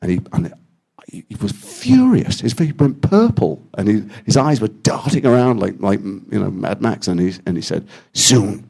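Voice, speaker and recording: A man's voice: fairly low pitch, creaky, husky. A man with an English accent, an actor telling stories at a post-screening Q&A in a cinema. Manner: animated, quotes others in quick dialogue. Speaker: actor guest at a Q&A. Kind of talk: anecdotal storytelling. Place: cinema auditorium after a screening.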